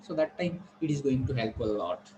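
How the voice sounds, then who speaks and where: A man's voice: medium pitch, big pitch swings, moderate pace, darkish tone, slight background noise, rough recording. A man teaching a pronunciation lesson, drilling words and asking the class rhetorical questions.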